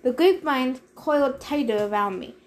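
A woman with a high-sitting voice reads a first-person novel aloud at a moderate pace as an audiobook narrator, giving each character a voice of their own.

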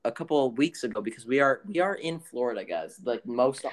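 A woman's voice: rumbling low, lively intonation, brisk. Rambling young woman telling a story. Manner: rambling storyteller, many restarts and laughs. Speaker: podcast co-host. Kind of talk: casual chat.

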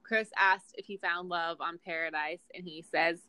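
A woman's voice: lowish voice, normal speed, clean tone, no room sound. A young woman in her twenties co-hosting a casual chat podcast, telling stories with lots of laughs and swearing. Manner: laughing, swearing, animated storytelling. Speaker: podcast co-host.

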